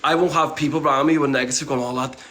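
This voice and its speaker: A man's voice: a little high, fairly even intonation, rapid-fire, fairly bright tone. A man talking bluntly and casually in an interview, swearing freely and rambling with many restarts. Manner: blunt and streetwise, swears freely, says "lad" often. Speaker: interview guest. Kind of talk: casual conversation.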